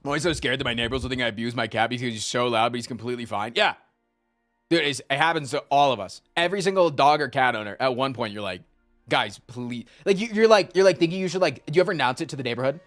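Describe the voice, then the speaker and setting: A man's voice: medium pitch, rapid-fire, faint music behind. A man livestreaming in casual chat, telling stories with lots of swearing and reading out chat messages. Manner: animated storytelling with frequent swearing; reads and answers chat messages.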